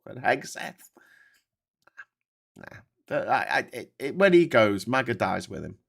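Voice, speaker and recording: A British man hosts a live show and reads out viewer comments between rants. He swears freely, talks in an animated way and keeps tripping over his words and restarting sentences. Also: medium pitch, measured pace, vocal fry. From Britain. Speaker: host reading viewer comments.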